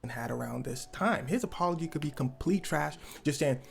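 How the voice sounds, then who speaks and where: A man's voice: fairly high pitch, animated, fairly quick, creaky. A young man hosting a comedic commentary video, telling a story and mimicking the people in it with exaggerated voices. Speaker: commentary host. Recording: faint background music.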